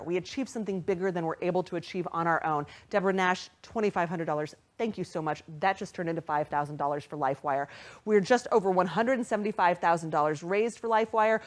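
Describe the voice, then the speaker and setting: A woman hosting a live virtual charity auction, excitedly thanking donors and playfully teasing the audience. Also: fairly low pitch. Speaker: fundraising auction host.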